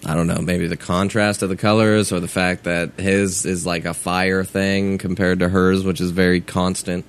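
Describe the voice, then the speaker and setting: Laid-back deep-voiced man on a stream. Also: little pitch movement, normal speed, smooth. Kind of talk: casual chat while gaming on stream.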